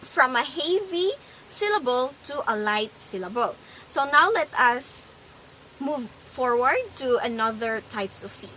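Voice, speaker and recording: Slow, high-voiced woman presenting a lesson. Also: expressive, bright, forceful tone, slight background noise, rough recording. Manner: slow, explanatory, sounds out stress patterns. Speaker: student presenter. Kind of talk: class presentation on poetry.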